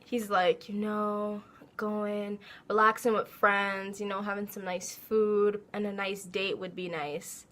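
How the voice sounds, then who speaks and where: A young woman telling a casual storytime, animated and laughing as she acts out her own quotes. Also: mid-range voice, takes it slowly. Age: young adult. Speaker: vlogger.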